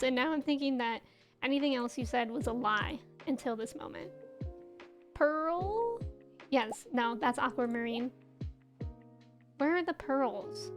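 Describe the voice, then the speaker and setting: A young woman streaming a farming game, chatting casually, giggling and greeting her viewers as she plays. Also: sits high. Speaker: livestreamer. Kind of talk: casual chat while playing a game. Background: faint game music.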